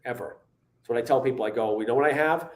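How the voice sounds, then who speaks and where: A man's voice: medium pitch, fast talker, background noise. A man with a Boston accent, a fitness trainer giving a punchy, joking motivational guest interview. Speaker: fitness trainer and transformation coach.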